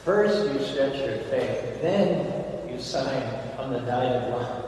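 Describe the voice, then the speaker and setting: Animated preacher man in an echoey hall. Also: medium pitch, slow pace, recorded from a distance, a little hiss or hum. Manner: animated, rhetorical questions. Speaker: temple preacher. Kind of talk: sermon. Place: temple hall.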